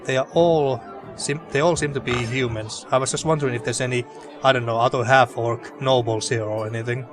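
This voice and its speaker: A man's voice: mid-range voice, fairly even intonation, fairly quick. A man hosting a let's play, chatting and joking through gameplay commentary and often restarting his sentences. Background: faint game music.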